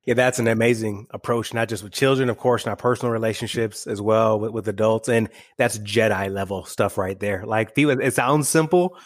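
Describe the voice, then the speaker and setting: A man's voice: on the low side, fairly even intonation, a little fast, hardly any pauses, dry recording, studio quality. A man hosting a podcast interview, affirming and enthusiastic as he asks his guest a question. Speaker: podcast host.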